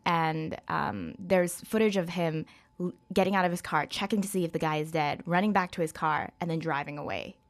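A woman's voice: low voice, fairly even intonation, a little fast. A woman chatting casually as an interview guest, talking about films with lots of fillers and hedges. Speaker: guest film reviewer.

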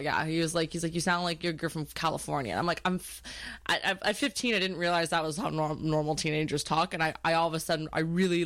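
A woman's voice: low voice, a bit bright, dry recording. A young woman telling a personal story in an interview, hesitant, with many "like" fillers and restarts.

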